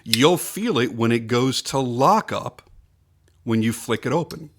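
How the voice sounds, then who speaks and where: Male product reviewer, mid-range pitch, casual and emphatic, leans on repetition. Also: lively intonation, unhurried, noisy background. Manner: enthusiastic, emphatic, repeats points for stress. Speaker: knife reviewer.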